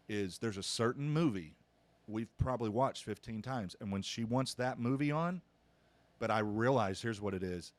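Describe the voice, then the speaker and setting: A man's voice: mid-range voice, no echo. A middle-aged man, a pastor hosting a podcast, telling a family story earnestly with frequent restarts. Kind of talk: casual podcast conversation.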